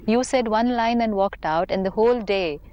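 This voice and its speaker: A woman's voice: mid-range voice, normal speed, mellow. Woman on a spiritual talk show, patient, explains w everyday examples. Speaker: spiritual teacher.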